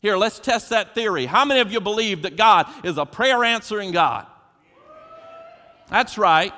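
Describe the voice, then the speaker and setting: A pastor preaches a sermon in an emphatic, preacherly style, putting questions to his congregation. His high voice is pushed and bright with lively intonation at a normal speed, and the recording carries a long hall reverb.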